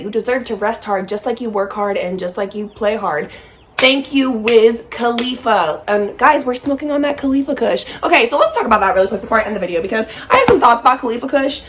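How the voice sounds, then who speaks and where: A young woman hosting a casual vlog. She talks while smoking and high, rambling and swearing freely. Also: a bit bright, a little hiss or hum. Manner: rambling, profane, giggly; high and easily distracted. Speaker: vlogger and podcast host.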